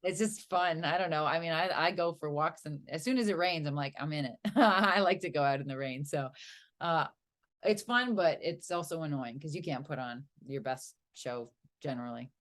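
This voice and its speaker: A woman guest musician chatting casually in an interview, upbeat and quick to laugh. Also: deep voice. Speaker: guest guitarist.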